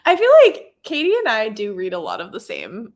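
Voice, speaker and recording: A woman's voice: medium pitch, wildly swooping pitch, a little fast, slight background noise. A young woman hosting a reading livestream, chatting casually, gushing and laughing often. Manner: bubbly, giggly, gushing. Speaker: booktube livestream host. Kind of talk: casual chat while reading chat messages.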